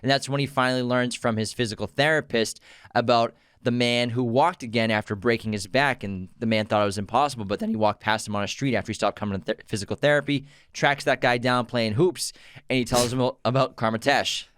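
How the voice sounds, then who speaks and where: A man's voice: mid-range voice, fairly quick, a bit bright, smooth, dry recording, studio quality. A man co-hosting a casual movie podcast, easygoing and conversational, running the segments. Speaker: podcast co-host.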